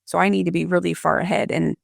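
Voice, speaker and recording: A woman who directs emergency management, answering interview questions in a measured, explanatory way with worked examples. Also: on the low side, flat delivery, gravelly, dry recording, clean studio sound.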